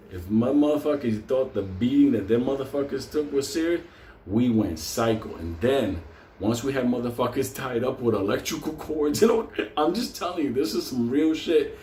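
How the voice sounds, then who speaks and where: A man's voice: mid-range voice, warm tone, reverberant, slight background noise. A man telling a wild story in a rowdy, profane way, often laughing as he talks.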